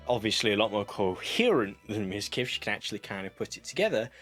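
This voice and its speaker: A man's voice: medium pitch, fairly bright tone. A British man hosting a reaction commentary, sarcastic and prone to wandering off on tangents. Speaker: commentary host.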